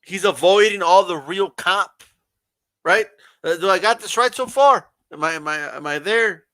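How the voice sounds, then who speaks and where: A man's voice: high-pitched, normal speed, pushed and bright, no room sound. A man hosting a boxing channel, ranting sarcastically with profanity and frequent laughs. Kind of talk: sarcastic commentary rant.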